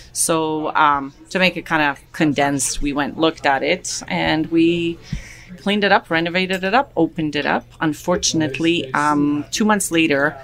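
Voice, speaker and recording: A woman who owns a restaurant, a guest on a radio show, telling her story in a relaxed way with many pauses. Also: low-pitched. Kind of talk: casual interview.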